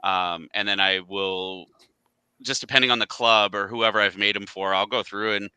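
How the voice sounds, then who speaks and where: A man talking over a video call in a relaxed, chatty way, laughing easily as he goes. His voice is very bright and crisp, and the sound is dry and close. He sits a touch low in pitch. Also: normal speed, no room sound. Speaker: guest, scarf company representative. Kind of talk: casual video call chat.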